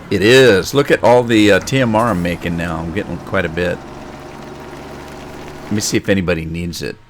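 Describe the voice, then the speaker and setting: Chatty streamer man, faint hum. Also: fairly low pitch. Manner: chatty, joking, reads chat aloud. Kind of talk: casual game live stream.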